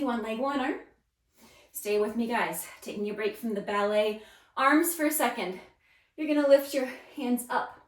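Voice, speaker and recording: Woman counting a ballet arm workout. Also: fairly high pitch. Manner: counts beats aloud, encouraging and upbeat. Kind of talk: follow-along workout instruction. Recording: roomy sound, mic set at a distance.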